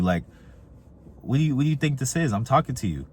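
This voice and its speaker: A young man telling dating stories in a casual, animated way, acting out the quoted voices. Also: quick pace, long pauses, slight background noise. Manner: animated, acts out quoted voices with big pitch jumps. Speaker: dating advice vlogger. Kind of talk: casual storytelling monologue.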